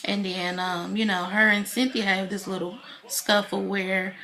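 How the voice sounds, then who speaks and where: A woman's voice: medium pitch, level tone, unhurried, pushed and bright. A woman giving a casual spoken recap of a reality TV episode, retelling scenes in a chatty way with many fillers. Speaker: TV reality show reviewer.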